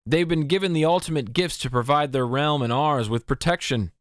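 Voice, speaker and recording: A man's voice: fairly high pitch, fairly quick, clean tone, no echo, studio quality, voice pushed up, natural voice. A man voicing a small, frail old villager with a groggy, old-sounding voice in an audiobook. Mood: earnest.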